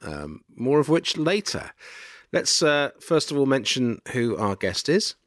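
A man co-hosting a book podcast, sounding deeper and throaty from a virus, talking with hesitant restarts. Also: big pitch swings, a little slow, fairly bright tone, no room sound, clean studio sound. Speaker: podcast co-host and publisher. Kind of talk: casual podcast chat.

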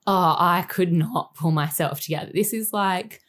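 A woman in her thirties with an Australian accent, telling a painful personal story in a candid, halting and emotional way, full of fillers. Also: lowish voice, fairly bright tone. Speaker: guest sharing a personal story.

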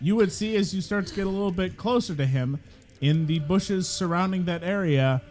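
A man's voice: sits high, normal speed, darkish tone, slight background noise. A man narrating as dungeon master, playful and often laughing. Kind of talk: narrating a tabletop game.

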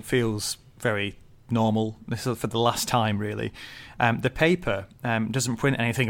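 A man with a fairly low voice and speech co-hosts a relaxed book discussion. He talks thoughtfully, with lots of "ums" and easy laughter. He often breaks off to restart a sentence. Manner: thoughtful, many fillers, laughs easily. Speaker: podcast co-host.

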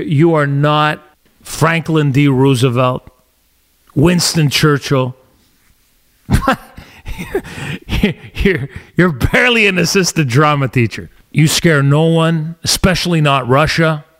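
Casting note: middle-aged man from Canada, solo podcast host, sarcastic and rambling, slightly high voice. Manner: animated, rambling, restarts sentences, sarcastic.

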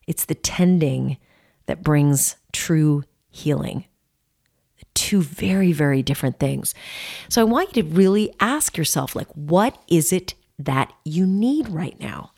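A woman's voice: sits low, darkish tone. A woman in her late forties giving a motivational self-help talk, earnest and playful, stretching words out for emphasis. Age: 40s.

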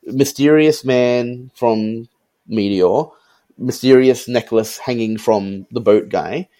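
A man's voice: medium pitch, takes it slowly, dark tone. A man who is a guest on a podcast, chatting casually about a TV series and griping candidly between fillers. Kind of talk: casual TV review chat.

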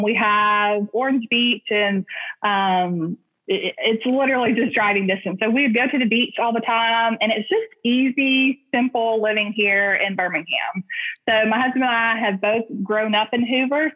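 A young woman with a Southern American accent from Alabama, answering interview questions in a relaxed, easygoing way with frequent ums. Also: a little high. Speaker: guest, blogger and home decor influencer. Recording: husky voice over a tinny phone line.

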